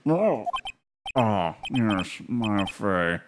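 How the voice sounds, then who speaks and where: A woman voicing a pompous, evasive old male lawyer in a playful game voice-over, with hems and throat-clearing. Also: a bass voice, sing-song, drawn-out words, noisy background, heavily acted. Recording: stream audio over loud game music.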